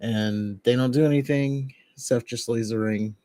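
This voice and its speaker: A man's voice: medium pitch, steady tone, a little slow, warm tone, no echo. A man co-hosting a podcast, recapping a wrestling show in casual, rambling chat with restarts and laughs. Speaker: podcast co-host.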